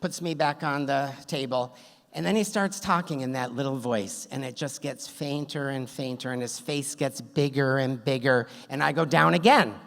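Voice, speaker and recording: His voice is gravelly and fairly bright, pitched in the middle and delivered at an ordinary speed. Standing on a theater hall stage at a story slam, he recounts a funny true experience, poking fun at himself wryly and timing his beats well, while the hall adds a long reverb.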